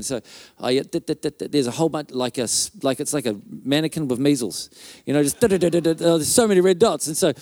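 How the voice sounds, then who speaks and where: A man's voice: a little high, fast, darkish tone, dry recording, studio quality. A male pastor telling a healing story in a conference sermon, loose and chatty, with fillers and restarts and little mouth sound effects.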